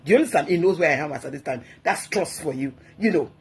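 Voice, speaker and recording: A woman's voice: sits low, lively intonation, quick pace, slight background noise. A woman, a guest speaker giving emphatic, preachy advice on marriage and often repeating herself for effect.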